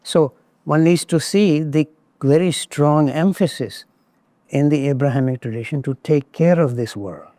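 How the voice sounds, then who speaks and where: A man giving a lecture on spiritual traditions, speaking in a measured, deliberate way with occasional wry asides. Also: fairly high pitch, warm tone, dry recording.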